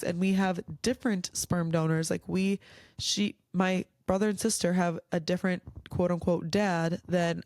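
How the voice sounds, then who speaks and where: A woman's voice: on the low side, darkish tone, no room sound, studio quality. A young woman hosting a casual Q&A vlog, talking in a heartfelt, rambling way while emotional and teary. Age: young adult. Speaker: vlog host.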